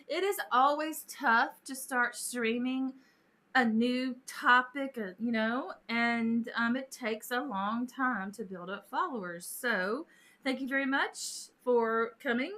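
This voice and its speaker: A woman's voice: fairly high pitch, bright, forceful tone. A woman hosting a casual live stream, chatting with viewers, greeting them by name and laughing often.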